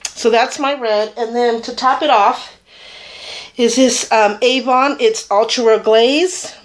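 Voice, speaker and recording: A woman's voice: on the high side, fairly even intonation, slow. A woman chatting casually through a makeup tutorial, rambling and enthusiastic about her products. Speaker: beauty vlogger.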